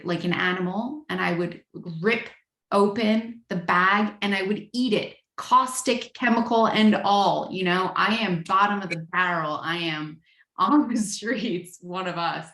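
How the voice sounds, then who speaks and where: A woman's voice: on the low side, unhurried, fairly bright tone, echoey room. A woman in her thirties sharing her story at a recovery meeting, candid and frank with a self-deprecating edge. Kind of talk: personal share at a twelve-step meeting.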